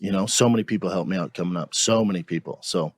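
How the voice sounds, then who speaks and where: A man talking as a podcast guest, joking with a deadpan delivery. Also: low-pitched, fast, dry recording. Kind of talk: casual podcast chat.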